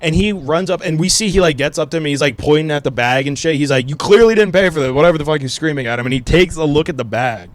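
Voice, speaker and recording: A man's voice: fairly high pitch, fast, hardly any pauses, no echo. A man co-hosting a podcast, telling a rambling, profane story in casual chat. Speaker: podcast co-host.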